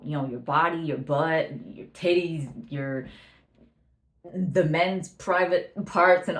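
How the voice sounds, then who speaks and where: A woman's voice: low voice, echoey room. A young woman giving earnest, emphatic self-esteem advice in a casual talk to camera, repeating phrases for stress.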